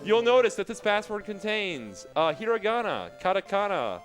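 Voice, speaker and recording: A man's voice: sits high, big pitch swings, normal speed, soft background music, poor audio. A man commentating live on his speedrun of a game, explaining its mechanics in a joking, rambling way. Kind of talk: live commentary while playing.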